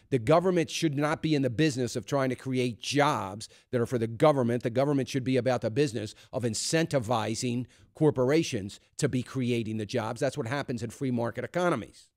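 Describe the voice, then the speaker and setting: Talk radio host, man, mid-pitched, emphatic and chatty, close mic in a dry studio. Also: normal speed, a little mellow, dry recording. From United States. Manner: conversational, emphatic, with frequent fillers and restarts.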